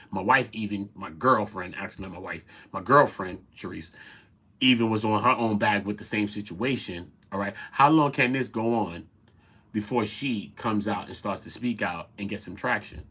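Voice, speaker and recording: A man hosting a casual commentary show, talking in an animated, profane and incredulous way. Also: lowish voice, normal speed, slightly rough. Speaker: commentary host.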